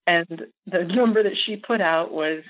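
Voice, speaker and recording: A middle-aged American woman telling a story as a podcast guest, animated and laughing often. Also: lowish voice, moderate pace. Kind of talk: casual storytelling interview. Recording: phone-like audio.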